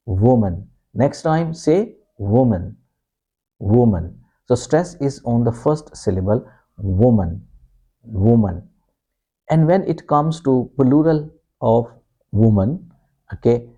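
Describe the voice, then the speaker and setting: Slow, dark-voiced male pronunciation teacher. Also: mid-range voice. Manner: repeats words slowly, frequent "okay" fillers. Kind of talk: slow, patient pronunciation lesson.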